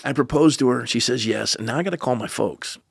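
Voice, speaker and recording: A pastor, telling a personal story as a podcast guest, earnest with joking asides. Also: male voice, mid-range voice, a little fast, creaky, a little hiss or hum. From United States.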